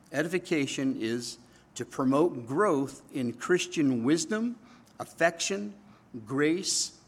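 A man preaching a sermon to his congregation. His voice sits at an ordinary middle pitch, and he teaches scripture in an animated, conversational way, often asking the listeners to agree. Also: husky. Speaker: pastor.

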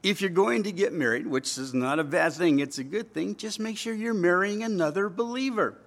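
A middle-aged pastor with a drawl preaches in an easy, conversational way. His voice sits a touch high for a man and carries a gravelly rasp. He keeps breaking into little acted voices for the people he describes. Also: moderate pace, a bit bright. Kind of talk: sermon.

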